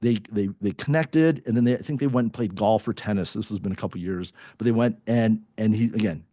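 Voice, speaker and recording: A man's voice: on the low side, a little fast, dark tone, dry recording, clean studio sound. A man, a core values coach, telling a personal story on a podcast in a casual way, acting out quoted dialogue with many restarts.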